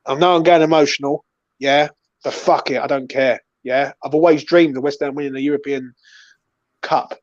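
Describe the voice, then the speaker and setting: Passionate, swearing London football fan. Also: male voice, a little high, fairly even intonation, moderate pace, dry recording, dull audio. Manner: passionate, swears freely, says "yeah" and "right" constantly. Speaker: fan channel host. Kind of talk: casual post-match chat.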